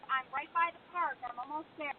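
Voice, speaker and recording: A woman's voice: high voice, steady tone, brisk, phone-quality sound, heavy background noise. A woman talking through a doorbell camera's speaker, urgently soothing a frightened child and repeating that she is almost home. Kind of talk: reassuring a scared child over a doorbell speaker.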